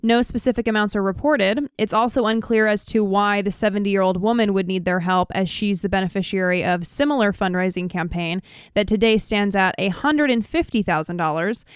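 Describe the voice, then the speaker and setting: A woman's voice: medium pitch, animated, moderate pace, clean tone, no echo, clean studio sound. A woman co-hosting a political podcast, reading out news items and discussing them earnestly. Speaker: podcast co-host. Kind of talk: casual political chat.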